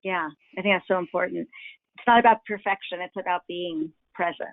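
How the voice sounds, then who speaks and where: Woman interviewer, gravelly, affirming, dry phone-like call audio. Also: fairly low pitch, brisk, dry recording. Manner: affirming, builds on the guest's points. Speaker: interviewer, host. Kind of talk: conversational interview.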